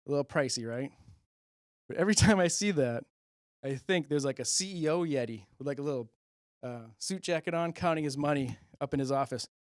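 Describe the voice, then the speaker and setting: A man's voice: fairly high pitch, fairly quick, dry recording, clean studio sound. A man doing a rambling, self-amused stand-up monologue into a handheld mic on a public-access show. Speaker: comedian host.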